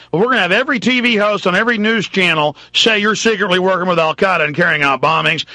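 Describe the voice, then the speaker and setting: A man's voice: high-pitched, sharp tone, dry recording, full character voice. A man voicing a menacing, taunting establishment mouthpiece who hurls insults.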